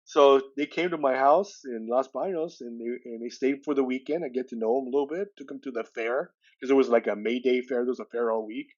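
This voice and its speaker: A man in his sixties talks through a personal story as a podcast guest. His voice sits at an ordinary middle pitch, and he keeps the telling loose and chatty. The audio is dull and lo-fi. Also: a little fast, hardly any pauses, a little mellow. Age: 60s. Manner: loose, conversational, retells dialogue with "he goes".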